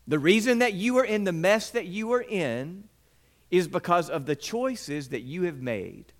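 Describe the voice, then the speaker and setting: A male preacher with a drawl tells stories from the pulpit. His voice sits a little high and swoops widely in pitch as he acts out scenes. He mixes plain teaching with playful, animated storytelling. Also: measured pace. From Mississippi, US. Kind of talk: sermon with personal storytelling.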